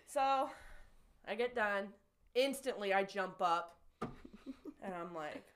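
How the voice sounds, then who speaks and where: A woman's voice: mid-range voice, expressive, slow pace, a little hiss or hum. A young woman in her twenties telling a story in casual podcast chat. She laughs often and acts out the lines she quotes.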